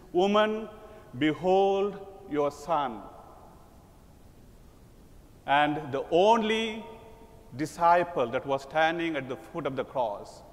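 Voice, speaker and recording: A man preaching a sermon as a priest, slow and emphatic, voicing quoted lines with dramatic lift. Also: a little high. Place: large church. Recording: long church reverb.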